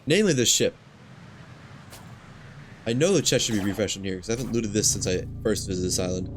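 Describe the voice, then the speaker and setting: A man streaming a game, talking to himself in a relaxed, muttering way while he plays, with hiccups. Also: on the low side, very fast. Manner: muttering to himself, laid-back. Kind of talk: casual gameplay commentary. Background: game ambience and engine noise.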